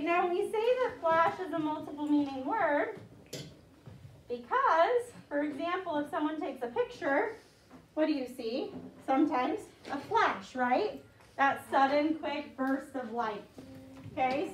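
A woman's voice: sits high, lively intonation, measured pace, a little hiss or hum. A woman teacher leading a vocabulary lesson, patiently repeating each word for the class to echo. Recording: echoey classroom from far off.

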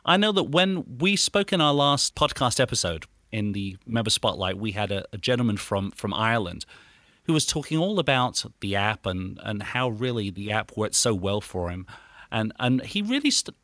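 Lively upbeat podcast host, dry studio sound. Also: male voice, mid-range voice, no room sound. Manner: upbeat, chatty, quick to agree. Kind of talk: casual podcast chat.

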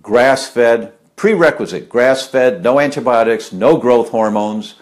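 Middle-aged male health speaker, lively rambling delivery, frequent ums and asides. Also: mid-range voice, takes it slowly. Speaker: health speaker answering viewer questions. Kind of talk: casual live talk.

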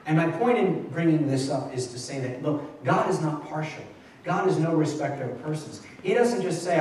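A man preaching in a relaxed, conversational way, restarting his sentences and repeating phrases as he goes. His voice is somewhat high for a man. He is picked up from a distance in a very echoey church hall, with faint room noise behind him. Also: normal speed. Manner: conversational and repetitive, with frequent restarts. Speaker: pastor. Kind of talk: sermon. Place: church hall at a midweek Bible study.

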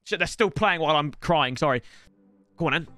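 A young man giving casual, excitable gameplay commentary, swearing and breaking into shouts. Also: on the high side, a little fast, background noise. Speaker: gaming YouTuber. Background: faint game music.

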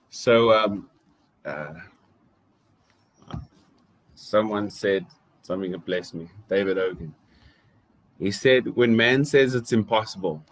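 A man's voice: low-pitched, a bit bright. A man with a South African accent preaching a sermon, urging listeners with rhetorical questions and repeated phrases.

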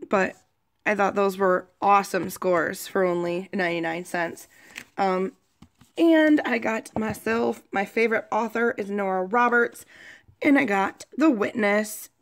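Gruff-voiced woman with a cold. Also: fairly high pitch. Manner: rambling, chatty, many ums. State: hoarse from a cold. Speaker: vlogger showing thrift finds. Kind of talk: casual chat.

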